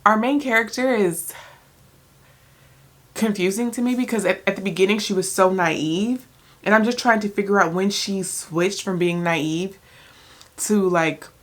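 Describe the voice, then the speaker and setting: Young woman, rambling casual vlogger, slightly low voice. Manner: chatty, rambling, many "like"s and restarts; talking while eating. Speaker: book vlogger. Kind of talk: casual vlog chat.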